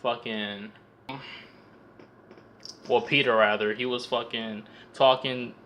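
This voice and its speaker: A young man with a bright, forceful voice rambles through a casual film recap, full of slang and swearing. He stumbles and repeats words as he talks, at a middle pitch for a man. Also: steady tone, slow, a little hiss or hum. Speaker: vlogger reviewing a film. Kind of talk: casual profane comedic movie recap.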